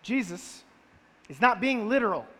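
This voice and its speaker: A man's voice: high voice, very animated, moderate pace, a bit bright. A man preaching a sermon in a conversational style, firing off rhetorical questions at his listeners. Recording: long reverb of a large hall.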